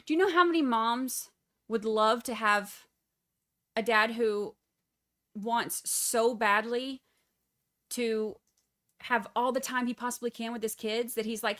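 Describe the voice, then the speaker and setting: A woman giving casual, animated true crime commentary on a livestream, sarcastic and full of mocking asides. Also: fairly high pitch, measured pace, long pauses.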